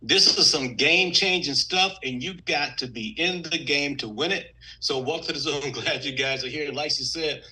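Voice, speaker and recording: A man from Texas, giving an energetic, emphatic sales pitch on a video call. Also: normal speed, few pauses, poor audio. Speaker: business presenter on a video call.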